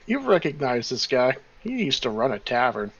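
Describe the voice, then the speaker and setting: A man's voice: mid-range voice, sing-song, normal speed, fairly bright tone, highs cut off, a little hiss or hum. A man running a tabletop game as game master, narrating in a loose, rambling way.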